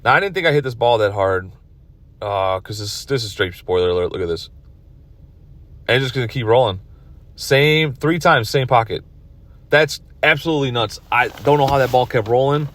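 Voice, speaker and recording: A man's voice: mid-range voice, lively intonation, normal speed, a bit bright, no room sound. A tired man commenting on his own pool match from his car, rambling and self-critical. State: tired, yawning. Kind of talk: casual video commentary.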